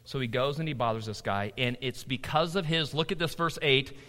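A middle-aged pastor preaches with animation at a brisk pace, his medium-pitched voice swinging between loud emphasis and quiet asides. The sound carries the feel of a big room.

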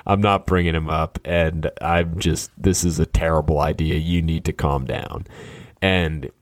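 A man casually telling an anecdote, animated and skeptical, quickly quoting the other people in it. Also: extremely low pitch, no echo, studio quality. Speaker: storyteller. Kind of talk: casual storytelling.

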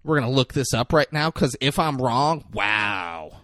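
A man's voice: a little high, normal speed, no echo, studio quality. A young man chatting casually, retelling a movie with lots of swearing and acting out the characters' lines. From grew up locally. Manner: animated, profane, acts out characters' lines.

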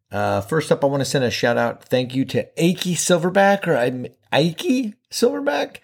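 Husky, playful male podcast host. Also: on the high side, sing-song, normal speed, hardly any pauses. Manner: playful, jokey, emphatic. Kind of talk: casual solo podcast talk.

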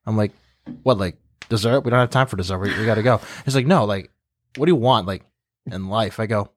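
A man's voice: mid-range voice, a little fast. Chatty young male podcast host. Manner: storytelling, chatty with many fillers. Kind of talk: casual panel chat.

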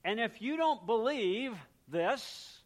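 A man with a notably high speaking voice delivers a sermon from the pulpit. He talks to the congregation in an easy, conversational way, unpacking the meaning of words and slipping into quick voiced exchanges to make his point. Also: expressive. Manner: conversational, explains word meanings, acts out little exchanges. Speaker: pastor.

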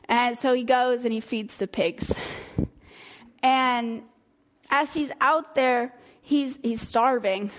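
A woman casually retelling a Bible story in a chatty, animated way. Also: a little high, slow. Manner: chatty, animated, laughs between lines.

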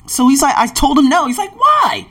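A man's voice: very high-pitched, fairly even intonation, fast talker. A man in his late twenties telling travel stories in a casual vlog, acting out scenes with gasps and little voices. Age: late 20s. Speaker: vlogger.

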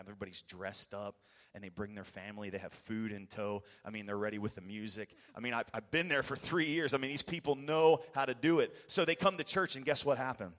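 A man from the United States giving an excitable, rambling sermon testimony in a church, laughing often and getting passionate. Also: fairly low pitch. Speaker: guest preacher giving a testimony. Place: church sanctuary. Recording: long echoey hall reverb.

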